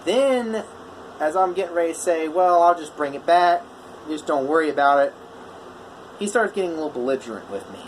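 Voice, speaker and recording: A welder man talking straight to the camera in a casual vlog, retelling a customer dispute. He jumps between his own even voice and the other man's heated lines. A faint hum sits under the voice. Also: on the high side, a little fast, rough recording. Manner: animated retelling, quoting both sides of a phone argument. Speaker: welder telling a customer story.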